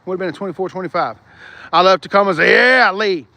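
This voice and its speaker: A man's voice: high-pitched, fairly even intonation, quick pace, pushed and bright, no room sound. A man chatting casually and profanely, reading viewer comments aloud while he walks a car lot. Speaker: car vlogger. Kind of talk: live-stream walkaround chat. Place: car dealership lot outdoors.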